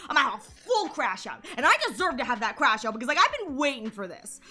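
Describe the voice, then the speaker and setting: A woman streaming a video game, giving excitable commentary, gasping and ranting as she talks. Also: sits high, a little fast, hardly any pauses, faint music behind. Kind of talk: live gameplay commentary.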